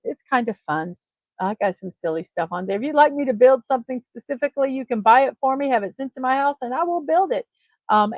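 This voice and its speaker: A woman hosts her morning livestream with friendly, casual chatter and lots of ums and uhs. She speaks in a high voice, and there's no room sound.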